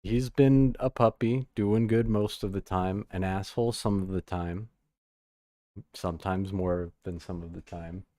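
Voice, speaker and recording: A man's voice: low-pitched, fairly even intonation, measured pace, mellow, dry recording. Guy hosting a live podcast, rambly and sweary, dry close mic. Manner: loose, profane and rambling, reads chat aloud. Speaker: podcast host. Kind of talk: casual live-stream chat.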